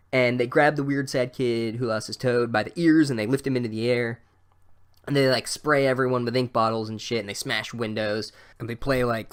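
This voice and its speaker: Male podcast host, comedic book recap; sarcastic, profane, rambling, mid pitch.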